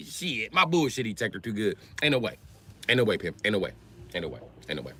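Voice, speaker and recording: An American man ranting on a casual livestream in African American Vernacular English, profane and brash, jumping between loud outbursts and low mutters. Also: wildly swooping pitch, quick pace, slightly rough. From United States. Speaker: livestream host.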